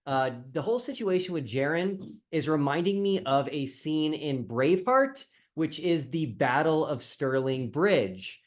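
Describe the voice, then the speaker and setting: Male host, casual commentary, slightly high pitch, storyteller delivery. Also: animated, measured pace, few pauses. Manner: storytelling with film comparisons.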